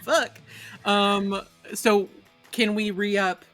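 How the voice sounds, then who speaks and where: A woman plays in a tabletop game, chatty and giggly, rambling through her turns. Her voice sits at a middle pitch. Faint music plays behind her. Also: fairly even intonation, drawn-out words, a bit bright. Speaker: player.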